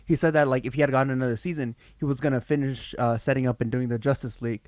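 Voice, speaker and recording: A man's voice: mid-range voice, steady tone, very fast, a little mellow, no room sound. A man co-hosting a podcast in casual comedic chat, rambling and swearing freely. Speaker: podcast co-host.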